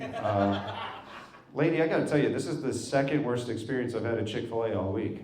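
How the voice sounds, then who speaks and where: A stand-up comedian in his thirties performs at a brewery for a live audience, speaking in a brisk, medium-pitched voice. His set is wry, self-deprecating, and conversational, and the echoey room carries crowd noise.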